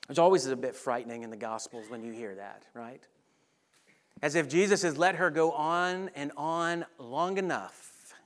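A man preaching a sermon, animated, dropping to soft, hushed lines on key points. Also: a little high, normal speed. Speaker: pastor.

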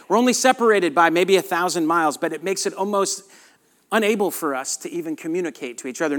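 A middle-aged man with a Southern US accent, a pastor preaching a sermon, earnest and hushed in prayer, then lively and emphatic. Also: high voice.

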